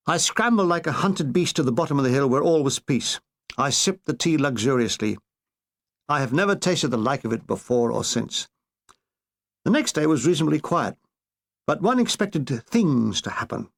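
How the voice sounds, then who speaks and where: Man, audiobook narrator, own memoir, dry, wry, fairly high voice. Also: animated, moderate pace, creaky. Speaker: author narrating his memoir.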